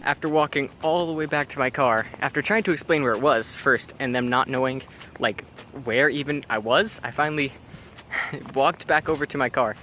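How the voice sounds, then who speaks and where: A man's voice: mid-range voice, normal speed, noisy background. A young man casually vlogging a road trip and campus visit in a playful, jokey way. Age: young adult. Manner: playful and jokey, slipping into silly voices. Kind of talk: casual vlog narration. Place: outdoors on a college campus and in a car. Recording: music playing under the voice.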